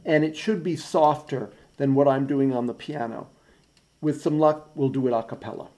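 This choir director, a man, counts in beats and patiently delivers precise rehearsal instructions while piano plays in the background. His voice is medium in pitch and dark, with a steady tone at normal speed.

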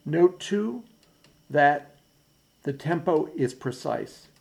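A man's voice: fairly high pitch, animated, slow pace, vocal fry. A man directing a choir practice, giving instructions and counting in beats over the piano. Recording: recording with loud piano playing.

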